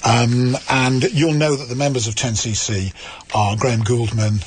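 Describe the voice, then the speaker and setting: A middle-aged man hosting a radio talk show, with dry, self-mocking banter and a husky voice. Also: mid-range voice, steady tone, normal speed, slight background noise. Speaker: radio host.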